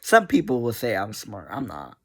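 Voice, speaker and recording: A man's voice: lowish voice, huge pitch swings, normal speed, a bit bright. A man making a video, chatting casually and rambling, laughing often and joking at his own expense. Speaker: video creator. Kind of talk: casual chat about a video game.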